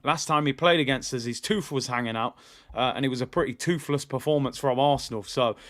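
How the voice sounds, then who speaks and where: A man's voice: mid-range voice, a little fast, a bit bright. A man hosting a live football fan watch-along, chatting in an opinionated way with lots of fillers and repeats while reading out viewer comments. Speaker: football fan channel host.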